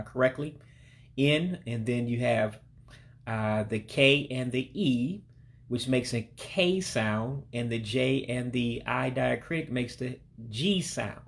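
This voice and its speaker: A man whose first language is English, teaching vocabulary in a casual online lesson, patient and repeating words slowly with small restarts. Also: medium pitch, gravelly.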